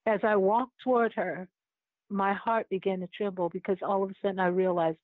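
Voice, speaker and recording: A woman's voice: mid-range voice, steady tone, a little fast, no echo. Older woman telling a story over a tinny line. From United States. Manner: earnest, emotionally moved storytelling. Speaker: guest, Olympic chaplain. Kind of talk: personal storytelling in an interview. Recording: tinny phone-like line, dry.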